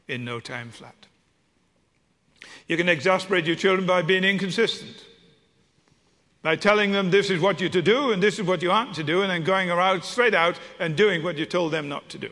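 A man's voice: sits high, moderate pace, long pauses, bright, forceful tone. A man preaching a sermon with humor and stories, stumbling over restarts. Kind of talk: sermon with storytelling. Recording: long hall reverb.

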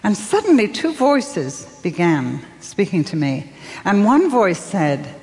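An older woman giving a sermon, telling her story softly with dramatic pauses and acting out the voices she quotes. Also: medium pitch, sing-song, long reverb tail. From England. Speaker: speaker.

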